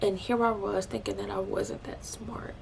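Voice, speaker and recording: A young woman telling a personal faith testimony, emotional and animated, dropping into breathy hushed asides. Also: medium pitch, moderate pace, slight background noise. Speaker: vlogger sharing a faith testimony.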